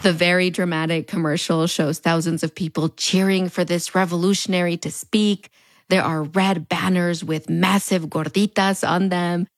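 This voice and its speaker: A woman's voice: little pitch movement, moderate pace, no echo. A woman in her thirties with a Mexican American border accent, hosting scripted pop-culture commentary in a wry, conversational way. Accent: Mexican American border (fronterizo). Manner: conversational and wry, with playful pitch swings. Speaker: host.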